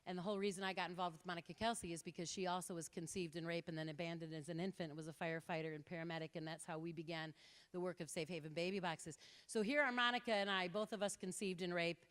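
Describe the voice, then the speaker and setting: A woman giving an impassioned talk to an audience, telling stories with lively quoted voices. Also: fairly low pitch, quick pace. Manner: animated storytelling with quoted voices. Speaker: speaker. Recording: reverberant hall.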